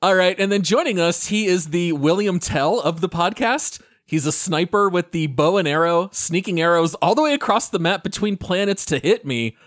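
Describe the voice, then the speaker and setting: A man's voice: sits high, moderate pace, few pauses, fairly bright tone, dry recording, studio quality. A man hosting a gaming podcast in casual chat, upbeat and joking as he introduces his co-hosts. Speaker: podcast host.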